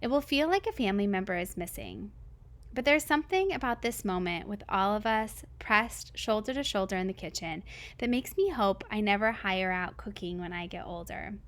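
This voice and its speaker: A woman reads a novel aloud in first person, keeping her voice steady and plain. Her pitch sits in the middle range and she stays even, with the occasional small stumble. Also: moderate pace. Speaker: reader.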